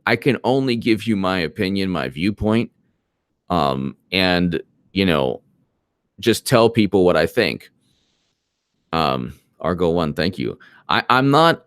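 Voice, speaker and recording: A man hosting a political commentary livestream, talking in a rambling, animated, self-interrupting way. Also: sits low, dry recording, studio quality.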